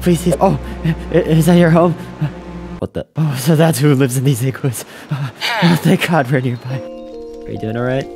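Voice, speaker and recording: A man voicing his own cartoon character in excitable, quick reactions, full of surprised outbursts, over background music. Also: mid-range voice. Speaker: host and animator of a game cartoon. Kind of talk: animated cartoon voice acting.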